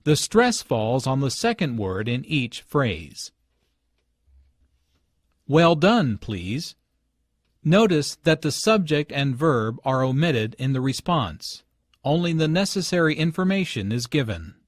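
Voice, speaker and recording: A man narrating language notes as a teacher in slow, deliberate scripted instructional narration. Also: mid-range voice, very animated, dry recording, studio quality. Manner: slow, deliberate explanatory delivery.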